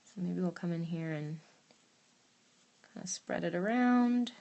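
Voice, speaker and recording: A woman's voice: lowish voice, a little slow, dark tone, lo-fi sound. A woman demonstrating a glass craft in her studio on a live stream, chatting casually, thinking aloud and answering viewer questions as she works.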